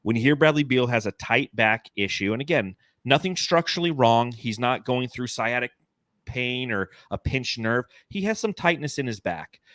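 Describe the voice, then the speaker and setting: A man in his forties hosting a casual sports podcast, talking in an animated, rambling, enthusiastic way. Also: medium pitch, normal speed, no echo, clean studio sound. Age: 40s. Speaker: podcast host.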